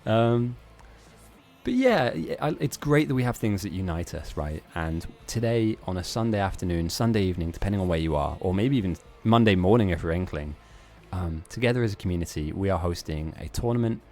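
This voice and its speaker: A man's voice: low-pitched, animated, a little fast, a little mellow. A man hosting a live-streamed game tournament, chatting casually in a rambling, self-mocking way with frequent laughs.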